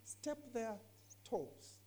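A woman's voice: fairly high pitch, sing-song, drawn-out words, warm tone, a little hiss or hum. A woman teaching scripture during a discussion, earnest and emphatic, often repeating her key phrases. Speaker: bible teacher.

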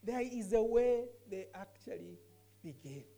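Woman, scripture teacher in a discussion; earnest, emphatic, repeats points, lively pitch. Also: measured pace, soft background music. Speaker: bible teacher.

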